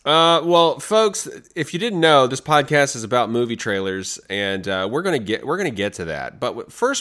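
A man co-hosting a casual podcast, his pitch swinging widely as he tells a story. He laughs often and slips into little voices for the people in his anecdotes. His delivery is loose and chatty. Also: normal speed, few pauses. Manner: animated, laughs often, acts out voices in stories. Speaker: podcast co-host.

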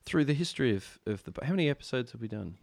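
A man co-hosting a casual comedy podcast, ribbing his partner in a deadpan way. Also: mid-range voice, very fast, vocal fry, no echo. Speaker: podcast co-host.

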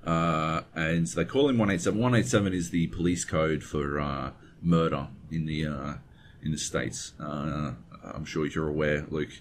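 Man, deep voice, casual podcast chat, swears a lot, rambles, faint noise. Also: normal speed. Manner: profane, rambling, digressive. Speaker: podcast co-host. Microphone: webcam setup at home desk.

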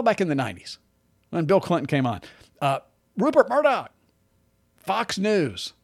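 A man hosting a solo political commentary show, talking in a sarcastic, animated way with frequent restarts and short laughs. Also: high voice, dry recording, clean studio sound.

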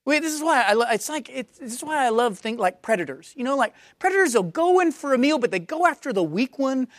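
A woman's voice: high voice, big pitch swings, fast, dry recording, studio quality. A woman pastor preaching a sermon, emphatic and repeating key phrases for force.

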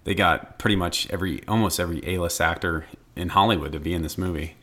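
Brief: podcast co-host, deep voice, blunt and profane, casual chat. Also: male voice, fast, a bit bright. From Massachusetts. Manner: blunt, swears freely, laughs at own stories.

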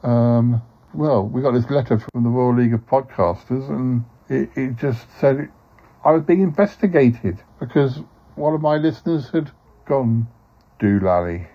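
A man's voice: medium pitch, normal speed. Man, podcast host, comedy sketch, hesitant, stammering, muffled lo-fi sound. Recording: dull lo-fi sound, faint music.

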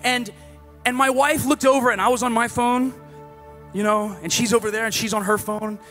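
A man preaching a sermon in a conversational, animated way, swinging from loud exhortation to hushed asides. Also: very high-pitched, moderate pace, soft background music.

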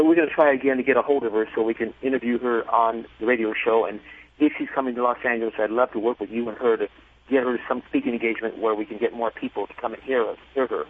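A man hosting a radio show and interviewing a guest, halting and restarting his sentences. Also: medium pitch, slight background noise. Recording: tinny phone-like broadcast sound.

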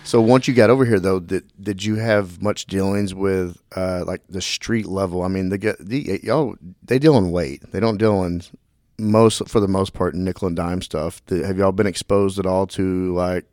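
A man hosting a casual interview, relaxed and drawling. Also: low-pitched, normal speed, no room sound, studio quality. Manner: relaxed, drawling, says y'all. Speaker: podcast host.

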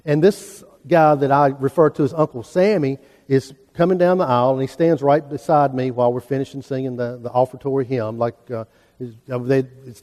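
A middle-aged pastor with a mellow, mid-range voice preaches a sermon, telling stories in an earnest, folksy manner. He's recorded in a church sanctuary, a large space with plenty of reverb.

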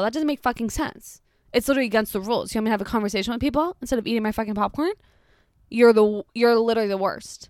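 A woman's voice: a little high, lively intonation, fast talker, a little mellow, dry recording, studio quality. A young woman ranting sarcastically as a commentary vlogger, swearing a lot and sounding exasperated as she reacts to posts. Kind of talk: profane reaction rant.

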